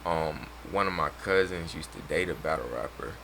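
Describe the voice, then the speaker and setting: A man's voice: very deep voice, normal speed, creaky, pushed and bright, a little hiss or hum. A young man in his twenties, a rapper guest, talking casually and laughing often in a podcast chat. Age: 20s. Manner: laid-back, laughs often, slangy.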